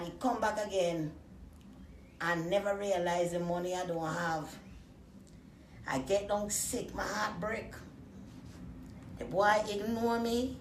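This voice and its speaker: A woman's voice: on the low side, slight background noise. A woman with a Jamaican accent telling stories in patois and rapping in a brash, profane, rhythmic way. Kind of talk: patois storytelling and rap. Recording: roomy echo, distant from the mic.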